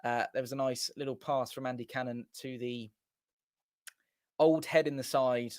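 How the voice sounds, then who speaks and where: A man's voice: medium pitch, fairly even intonation, normal speed, darkish tone, no echo. Chatty man commentating a match. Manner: chatty, rambling, often corrects himself. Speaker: fan watchalong host. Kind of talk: casual live match commentary. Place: small home studio.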